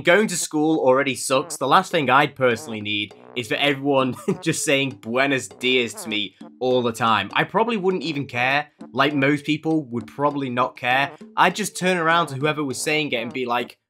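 A man's voice: medium pitch, bright, forceful tone. A man doing comedic reaction commentary, sarcastic and mocking, with lots of rhetorical questions. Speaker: commentary youtuber.

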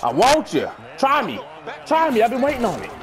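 A man's voice: very high-pitched, huge pitch swings, a little fast. A young man commentating his own football video game match live, hyped and trash-talking. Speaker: gaming YouTuber.

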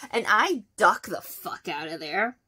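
A young woman vlogging, retelling a story in a chatty, animated way with lots of fillers. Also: medium pitch, unhurried, husky. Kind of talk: casual storytime vlog.

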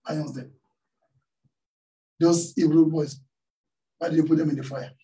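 A man's voice: on the high side, fairly even intonation, measured pace, dark tone, far from the mic, poor audio. A man preaching a sermon, telling a story and tossing questions out to the congregation. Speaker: pastor. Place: church hall.

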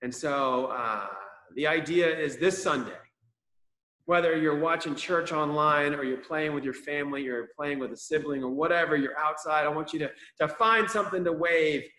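A man as school chaplain, giving a lively chapel talk to children and acting out the quotes. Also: a little high, moderate pace. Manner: lively storytelling for kids, acts out quotes. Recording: roomy echo.

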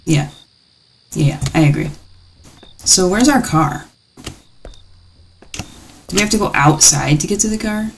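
A woman's voice: fairly low pitch, a little slow, creaky, pauses often, a little hiss or hum. Playful woman narrating a horror game. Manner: playful, jittery reactions. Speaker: gaming channel host. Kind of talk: let's play commentary.

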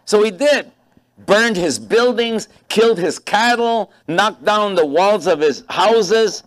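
A man's voice: high voice, takes it slowly. A man preaching a sermon as a pastor, telling stories with animation and stressing key phrases. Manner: animated storytelling, acting out dialogue in voices.

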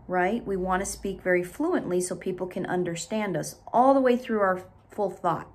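A woman teacher recording a reading lesson, explaining things deliberately and reading a story aloud. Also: medium pitch. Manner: slow, deliberate, instructive.

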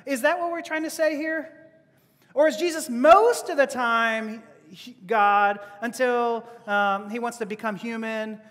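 High-voiced pastor in a reverberant hall. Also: male voice, moderate pace, a bit bright. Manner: conversational, laughing asides, rhetorical questions. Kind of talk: sermon. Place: church hall.

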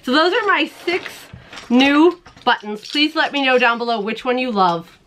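A woman hosting a crochet show, chatting casually to the camera in a bubbly way, laughing often and putting on silly squeaky voices. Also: animated, moderate pace, fairly bright tone, slight background noise. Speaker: crochet podcast host.

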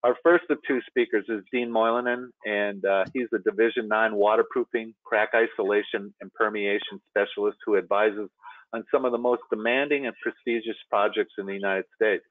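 A man's voice: fairly low pitch, fairly even intonation, moderate pace, no echo. Male webinar host on a tinny line. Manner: friendly, rambling with fillers. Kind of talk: webinar introduction. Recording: tinny phone-like audio, dry.

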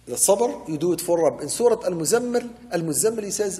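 A man's voice: high voice, expressive, fast, warm tone. A man teaching Quran commentary as a sheikh, reciting short Arabic verses and then explaining them in English, repeating key points for emphasis. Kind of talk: religious lecture explaining verses. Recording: long hall reverb.

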